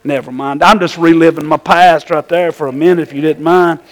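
A man's voice: fairly high pitch, a little fast, low-quality recording. A man, from Tennessee, preaching a folksy sermon and often asking the congregation for an amen. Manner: animated, folksy, calls for amens.

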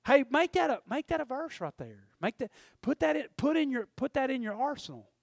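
A man's voice: very high voice, big pitch swings, a little fast, gravelly, no room sound, studio quality. A man preaching a folksy, conversational sermon, often checking in with the congregation.

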